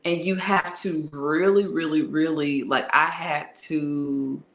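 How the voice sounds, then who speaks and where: A woman's voice: low-pitched, fairly even intonation, slow pace, creaky. A woman telling a candid personal story in a frank, slangy, conversational way that is broken up with laughter. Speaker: tarot reader and channel host. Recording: echoey room.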